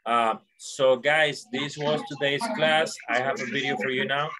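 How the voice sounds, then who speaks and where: A man's voice: mid-range voice, fairly even intonation, measured pace, a loud crowd. A man teaching an online English lesson, patiently correcting a student and encouraging them. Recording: noisy line with clicks.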